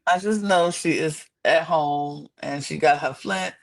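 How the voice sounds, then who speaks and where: Male podcast co-host, AAVE, casual recap chat, very animated, dramatic pitch jumps. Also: unhurried, vocal fry. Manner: animated, acts out reactions with big pitch swings.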